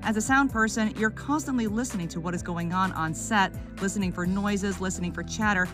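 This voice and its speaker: A woman narrating an entertainment news report in a crisp, even newsreader delivery. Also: mid-range voice, fairly quick. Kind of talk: scripted news voice-over. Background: music bed.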